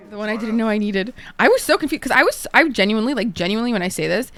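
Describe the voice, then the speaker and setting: A woman's voice: on the high side, animated, rapid-fire, a bit bright. A woman streaming a game live, reacting with crude jokes and casual chatter. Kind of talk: live gameplay commentary. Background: game music and sound.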